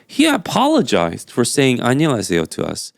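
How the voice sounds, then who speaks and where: An American-born man co-hosts a podcast, arguing his views in a casual, emphatic, conversational way and using stories to make his point. His medium-pitched voice is very animated at normal speed, with clean studio sound and no room sound.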